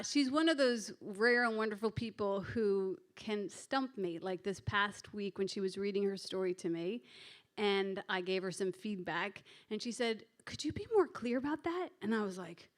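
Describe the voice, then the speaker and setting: A woman with a New Jersey accent hosting a live storytelling show, gushing and swearing as she acts out quotes with her guests. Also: medium pitch. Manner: effusive, swearing, laughing, acting out quotes. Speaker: host introducing a storyteller. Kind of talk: live stage introduction.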